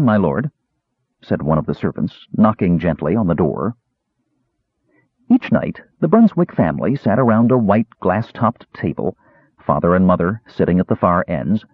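A man narrating a fantasy audiobook in a measured, expressive storytelling manner. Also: fairly low pitch, husky, no echo. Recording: dry, tinny phone-like sound.

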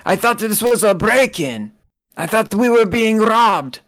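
A man's voice: high-pitched, lively intonation, unhurried, fairly bright tone, voice pushed up, heavily acted. A man voicing a frightened old man who apologizes over and over, in a tabletop game. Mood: apologetic. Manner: flustered, apologetic.

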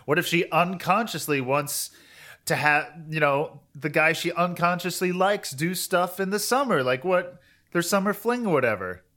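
Podcast guy going on about anime, bright edgy voice, rambly. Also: a little high, moderate pace. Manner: rambling, animated retelling with quoted voices. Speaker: podcast co-host. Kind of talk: casual chat about anime.

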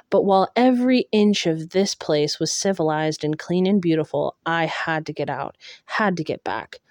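A woman narrates a first-person novel in a measured, steady reading. Her voice is lowish and mellow, the pace slow, and the sound dry and close with no room. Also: dry recording. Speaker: audiobook reader.

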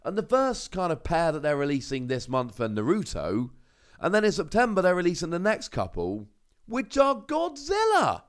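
A man's voice: fairly high pitch, sing-song, a little fast, smooth. A young man from Cornwall with a British accent, hosting a casual solo podcast and telling rambling stories full of asides. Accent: British English. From Cornwall, England. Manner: chatty, rambling storyteller with asides. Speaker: podcast host.

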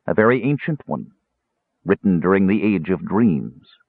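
A man voicing a husky, grim young sorcerer. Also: deep voice, no room sound, full character voice. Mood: cold, measured. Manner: calm, grim and measured. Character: cold, sinister frail young male mage. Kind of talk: audiobook character voice. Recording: tinny phone-like audio.

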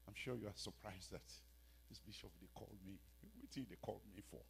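A man preaching a sermon, swinging between hushed storytelling and shouted exhortation. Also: lowish voice, fast talker, gravelly, a little hiss or hum. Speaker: pastor.

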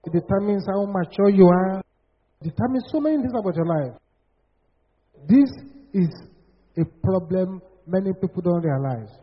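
A man preaching a sermon in a declamatory way, rising into shouted prophetic chants. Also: sits high, normal speed, breathy edge. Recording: dull lo-fi sound.

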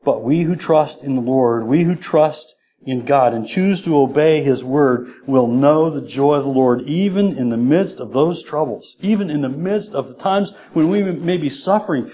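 A man delivers a sermon in an earnest, repetitive preaching manner. His voice is mellow and a little higher than most men's. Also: a little hiss or hum. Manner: earnest, repeats key phrases, quick laughs. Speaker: pastor.

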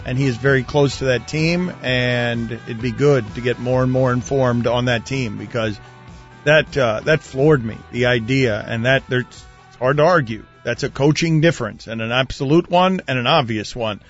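A man hosting a sports talk radio show, talking in an animated, joking way. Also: mid-range voice, moderate pace, lo-fi sound, soft background music. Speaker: radio host.

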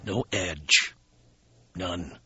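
A man's voice: low voice, very slow, sharp tone, highs cut off, faint music behind. A man hosting a radio talk show, talking to listeners in a sardonic, profane, self-mocking monologue from a studio. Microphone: studio microphone.

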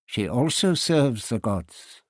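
A man voicing a calm, measured male priest who speaks quietly. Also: mid-range voice, no echo, studio quality. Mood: gentle.

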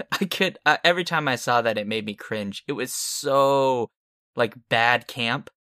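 A man's voice: mid-range voice, measured pace, bright, forceful tone, clean tone, dry recording. Frank, rambling man on a dry mic. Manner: rambling, frank, with short laughs. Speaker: podcast co-host. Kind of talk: casual film discussion.

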